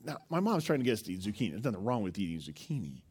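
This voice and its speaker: A man's voice: lowish voice, racing, slightly rough. A male pastor preaching a sermon, telling stories with animation and asking the congregation questions. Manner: animated storytelling, acts out quotes, asks the listeners questions.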